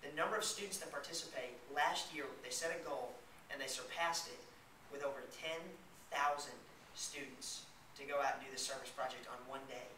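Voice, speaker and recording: A man's voice: mid-range voice, steady tone, brisk, bright, forceful tone, slight background noise. A young man presenting to a group in an enthusiastic, explaining way. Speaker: student speaker. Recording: echoey room, far from mic.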